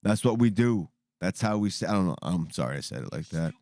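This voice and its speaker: A man's voice: low voice, big pitch swings, brisk, vocal fry, warm tone, no echo. A man hosting a casual chat show, rambling and often putting on mocking voices. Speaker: podcast host.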